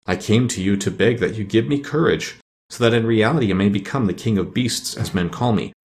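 A man's voice: lowish voice, fairly quick, lightly acted. A man voicing a cowardly male lion who blusters and pleads in a storybook reading. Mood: boastful. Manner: boastful, pleading.

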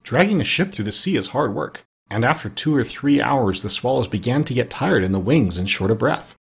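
Husky male narrator, mid-range pitch, expressive steady read-aloud for a storybook. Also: fairly quick.

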